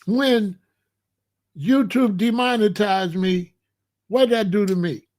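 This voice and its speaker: Speaking slowly in a high, somewhat dark voice, a middle-aged American commentary host delivers a casual monologue. He's blunt and emphatic and tends to say the same things more than once.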